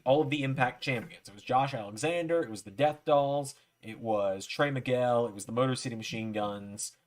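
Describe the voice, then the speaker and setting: Rambling man telling a story on a livestream. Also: medium pitch. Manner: rambling, frequent fillers and "I'm like" asides. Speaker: livestream host. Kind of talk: casual storytelling to a live chat.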